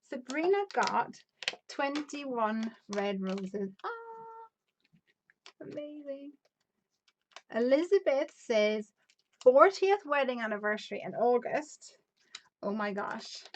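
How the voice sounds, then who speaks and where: A woman in her thirties from Northern Ireland, with a softened Northern Irish accent, hosting a crafting live stream in a casual, upbeat way, reading out viewer comments and thinking aloud while she works. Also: fairly high pitch, a little hiss or hum. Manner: chatty and upbeat, laughs often, thinks aloud while measuring.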